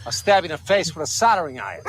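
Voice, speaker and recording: A man's voice: a little high, big pitch swings, very fast, very noisy. A man putting on the voice of a hot-headed tough guy who barks threats, as a joke in casual banter. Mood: threatening. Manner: barking threats in a put-on gangster voice. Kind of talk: joking banter.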